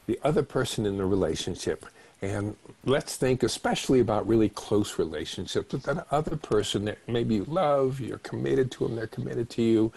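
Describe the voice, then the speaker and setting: An older man giving a slow, reflective webinar talk on relationships, now and then acting out short quoted exchanges. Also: lowish voice, gravelly, warm tone. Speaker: doctor giving a meditation talk. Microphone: webinar microphone.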